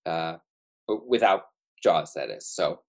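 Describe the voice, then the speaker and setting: A man co-hosting a movie podcast who talks in a hesitant, thoughtful way and fills his pauses with ums. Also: sits low, lively intonation. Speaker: podcast co-host. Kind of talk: casual movie chat.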